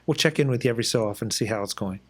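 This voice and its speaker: A man from the East Coast of the United States hosting a casual interview on a video call, relaxed and chatty as he tells a story. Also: fairly low pitch, rapid-fire. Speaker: podcast host.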